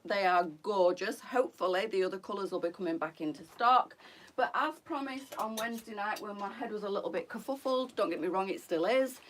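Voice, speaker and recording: A woman in middle age chats warmly and openly on a live shopping stream. She sounds heartfelt and personal, speaks at an ordinary mid pitch, and keeps addressing her viewers as girls. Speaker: boutique owner hosting a live try-on stream. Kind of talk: casual live-stream chat.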